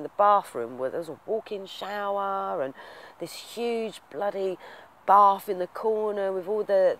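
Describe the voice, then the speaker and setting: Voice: mid-range voice, slight background noise. A vlogger telling a story to camera in a heartfelt, rambling way. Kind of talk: casual storytelling vlog.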